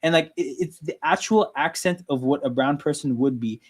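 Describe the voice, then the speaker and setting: A man's voice: a little high, moderate pace, husky. A man hosting a casual sports watchalong livestream, talking loosely and filling his talk with "like" and "right?". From Canada. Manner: loose, conversational, frequent "like" and "right?". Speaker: livestream host.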